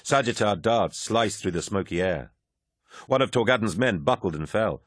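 A man reading a science-fiction battle scene as an audiobook, in a measured, grave manner. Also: on the low side, animated, breathy edge, no echo, clean studio sound. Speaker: audiobook narrator. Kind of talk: scripted narration.

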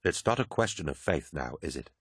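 A man reading an audiobook, voicing an old male orator who reasons in a measured, persuasive way. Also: extremely low pitch, animated, fairly bright tone, husky, no room sound, clean studio sound, exaggerated voice. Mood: reasoning.

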